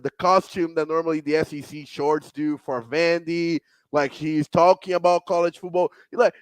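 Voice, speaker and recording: A man's voice: high-pitched, no echo. A man co-hosting a casual sports podcast, emphatic, with nonstandard grammar. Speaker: podcast co-host.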